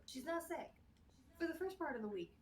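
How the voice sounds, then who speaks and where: A woman's voice: high-pitched, lively intonation, a little fast, a crowd in the background. A woman venting about a coworker in casual chat, frustrated and swearing.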